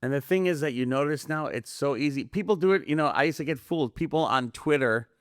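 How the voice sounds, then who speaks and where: A man's voice: on the high side, fast talker, dry recording, studio quality. A man talking casually as a guest on a podcast, rambling from story to story and acting out the voices of people he quotes. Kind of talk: casual conspiracy podcast chat.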